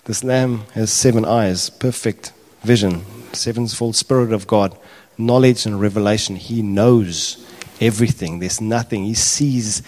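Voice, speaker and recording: A man preaching a sermon, talking casually to his congregation and building to impassioned, near-shouted questions. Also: on the low side, measured pace. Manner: conversational asides to the congregation.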